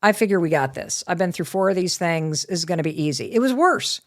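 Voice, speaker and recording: A middle-aged woman, a guest author, telling a personal story in a lively, candid way on a podcast interview, with casual swearing. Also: fairly low pitch, brisk.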